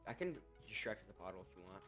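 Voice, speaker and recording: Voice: sits low, sing-song, rapid-fire, a bit bright, faint music behind. A friend coordinating and teasing during a co-op game on voice chat. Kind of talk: casual gaming chat.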